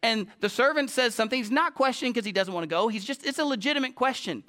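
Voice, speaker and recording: Bright high-voiced male pastor. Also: fast. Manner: self-deprecating, conversational, animated. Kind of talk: storytelling sermon. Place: church sanctuary.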